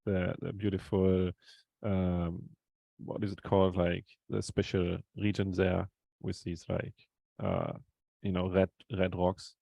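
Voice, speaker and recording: A man's voice: sits low, takes it slowly, creaky, dark tone, no echo, muffled recording. A man speaking as a podcast guest, hesitant and searching for words with frequent "uh"s. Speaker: guest coach. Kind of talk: casual podcast chat.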